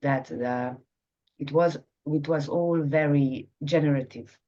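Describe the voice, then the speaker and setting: A woman in a coaching group, sharing her experience haltingly with many fillers. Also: low-pitched, steady tone, mellow, muffled recording. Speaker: coaching participant. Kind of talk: reflective sharing.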